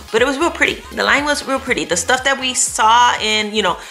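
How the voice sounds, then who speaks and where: A woman at home telling a story to her viewers in an animated, expressive way, laughing often. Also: a little high, moderate pace, soft background music. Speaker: vlogger. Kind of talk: storytime chat to camera.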